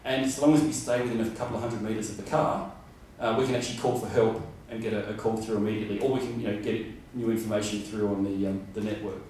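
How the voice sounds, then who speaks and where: A man's voice: fairly low pitch, little pitch movement, fast talker, hardly any pauses, darkish tone, slight background noise. A man giving a conference presentation, rambling with many fillers and restarts. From Australia. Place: conference room. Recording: roomy hall from far off.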